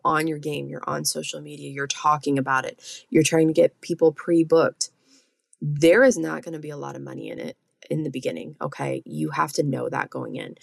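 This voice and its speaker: A woman's voice: low voice, gravelly, no room sound, clean studio sound. A woman hosting her own podcast in casual solo talk, blunt and profane, often checking in with "okay?". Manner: blunt, swears freely, keeps asking "okay?". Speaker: podcast host and med spa owner.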